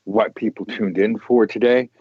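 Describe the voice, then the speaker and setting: A man's voice: fairly low pitch, steady tone, normal speed, breathy edge, no room sound. Joking male host, dry muffled sound. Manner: jokey, playful, laughs often. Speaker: show host. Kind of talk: casual chat.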